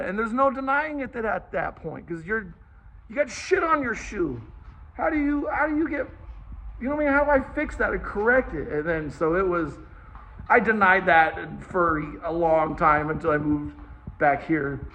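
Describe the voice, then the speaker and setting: Animated, slightly high-voiced storyteller man. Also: a little hiss or hum, poor audio. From Liverpool, England. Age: 40s. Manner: animated, swears freely, self-mocking. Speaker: vlogger telling a childhood story. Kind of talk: casual storytelling.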